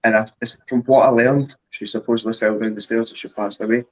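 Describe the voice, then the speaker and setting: A man's voice: fairly low pitch, steady tone, fast talker, muffled recording. A man, a guest, talking in a hesitant, reflective way. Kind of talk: casual chat.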